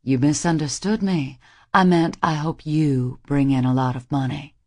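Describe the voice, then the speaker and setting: A woman's voice: deep voice, fairly even intonation, moderate pace, dark tone, dry recording, clean studio sound, pitched below the performer's own voice. A woman voicing a cold, haughty society mother in her fifties in an audiobook, clipped and imperious.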